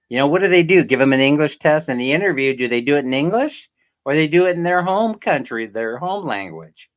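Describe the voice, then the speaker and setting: This livestream host is a middle-aged man from California, and his voice sits a little high with a slightly bright tone. With his Californian accent, he rambles and laughs through casual chat, calling out viewers by name.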